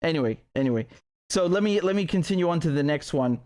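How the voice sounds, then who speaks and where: Male political streamer, slightly high-pitched, heated and sarcastic, restarts often. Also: expressive, fast talker, darkish tone. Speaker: host of a live political stream. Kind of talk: live-stream commentary.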